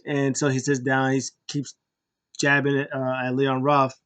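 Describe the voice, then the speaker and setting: A man casually recapping a wrestling show, rambling with many fillers and restarts, getting animated when he retells what was said. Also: medium pitch, moderate pace.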